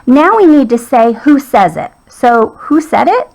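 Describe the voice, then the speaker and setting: Slow, gravelly-voiced woman teacher. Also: high-pitched, very animated, a little mellow, poor audio. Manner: slow, patient explaining to young children. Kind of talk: classroom writing lesson.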